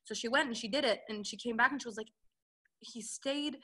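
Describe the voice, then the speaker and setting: A woman's voice: fairly high pitch, very fast, pushed and bright, slightly rough. A woman coaching entrepreneurs, telling her personal story in an interview and acting out the dialogue she quotes. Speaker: relationship and business coach, guest.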